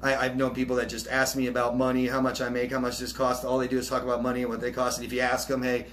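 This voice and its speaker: A man's voice: medium pitch, completely flat delivery, rapid-fire, fairly bright tone, a little hiss or hum. A man coaching viewers, reading out their comments and answering them in a chatty, reassuring way. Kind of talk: casual solo Q&A, reading out comments.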